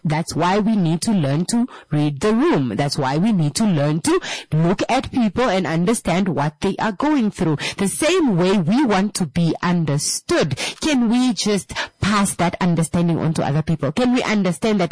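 A woman's voice: lowish voice, expressive, normal speed, darkish tone, no echo, rough recording. A woman in a casual monologue to her viewers, emphatic, repeating phrases and asking rhetorical questions.

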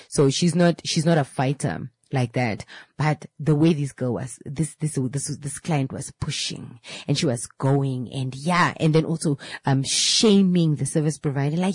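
Salon owner, woman, animated storyteller with a husky, dry voice that restarts her words. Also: low voice, moderate pace, no echo. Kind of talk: casual storytelling to camera.

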